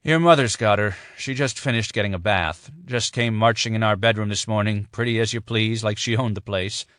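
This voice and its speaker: A man voicing a proud, caring older father with a warm, firm way of speaking. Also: on the low side, fairly quick, dry recording, studio quality, natural voice.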